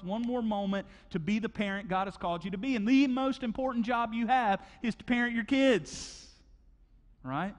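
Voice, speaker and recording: A pastor preaches in a lively, conversational way, acting out little stories with sound effects and swinging his voice up and down. His voice sits a bit higher than most men's. The long reverb of a large hall trails each phrase. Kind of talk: sermon. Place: church auditorium.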